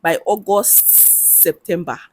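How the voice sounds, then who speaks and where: In a laid-back vlog, a young woman with a Nigerian English accent speaks to camera in a lowish, slightly mellow voice at an unhurried pace. She's open and chatty, quick to laugh and fond of local slang, with slight background noise in the recording.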